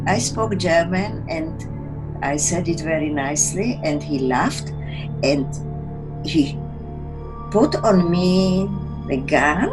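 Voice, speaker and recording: A woman, recounting her life in an interview in halting, broken English as she searches for words. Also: fairly low pitch, poor audio. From Czechoslovakia. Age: 80s. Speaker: interviewee, Holocaust survivor. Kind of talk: personal storytelling in interview.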